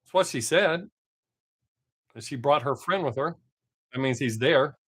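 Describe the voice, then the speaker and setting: A man's voice: mid-range voice, expressive, unhurried, fairly bright tone, slightly rough, dry recording, studio quality. Laid-back cussing man chatting with viewers. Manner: profane, laid-back, talks to chat viewers by name. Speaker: live stream host. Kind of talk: casual live stream chat.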